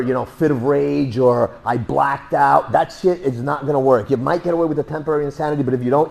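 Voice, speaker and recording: A man teaching a self-defense class, blunt and joking, who swears casually and makes sound effects while he demonstrates moves. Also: medium pitch. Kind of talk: hands-on class instruction.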